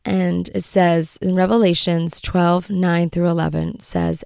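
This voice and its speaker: A young adult woman, a mother, sharing an earnest faith reflection and reading scripture aloud, often halting and repeating words as she searches for phrasing. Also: lowish voice, flat delivery, vocal fry, darkish tone, clean tone, no echo, studio quality.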